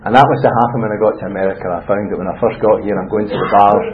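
A man's voice: lowish voice, steady tone, rapid-fire. A middle-aged man with a Scottish accent, candidly telling his life story in a rambling way with frequent restarts. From Scotland. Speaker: speaker sharing his story. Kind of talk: personal testimony talk. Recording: dull lo-fi recording with faint noise.

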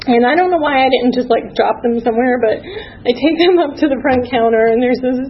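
A middle-aged woman shares her own story slowly and haltingly, pausing often and filling the gaps with small fillers. Her voice sits a little high. The recording sounds a bit dull, with faint noise underneath. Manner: halting, full of pauses and fillers. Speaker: speaker sharing a personal recovery story. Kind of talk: unscripted personal testimony.

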